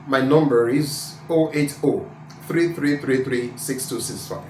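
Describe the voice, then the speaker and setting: A man's voice: mid-range voice, unhurried, a little mellow, roomy sound, slight background noise. Nigerian man teaching pronunciation drills. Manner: drills sounds by repeating words and spelling letters. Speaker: IELTS speaking tutor.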